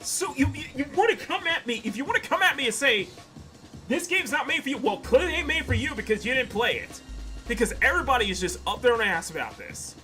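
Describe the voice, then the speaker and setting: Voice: medium pitch, sing-song, quick pace, bright, forceful tone, faint music behind. A streamer in their thirties ranting heatedly about a game during a stream. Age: 30s. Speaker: gaming streamer.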